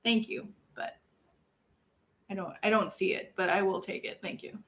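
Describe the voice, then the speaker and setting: A young woman chatting casually with her viewers, self-deprecating and laughing often, jumping from loud outbursts to quiet mumbles. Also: mid-range voice, steady tone, normal speed. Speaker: streamer reading viewer chat. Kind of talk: casual chat.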